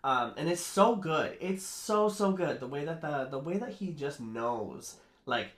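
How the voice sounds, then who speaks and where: A man's voice: fairly high pitch, lively intonation, a little slow. A man nervously recapping a horror novel in a casual chatty way, rambling with lots of fillers and restarts. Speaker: book reviewer doing makeup. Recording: roomy echo.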